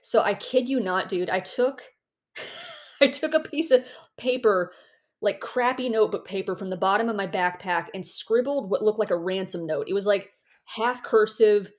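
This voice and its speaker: Animated woman telling a story. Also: mid-range voice, moderate pace. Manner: animated, self-mocking, acts out voices in her anecdotes. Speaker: guest, author and ex-Jehovah's Witness activist. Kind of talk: casual storytelling in a podcast interview.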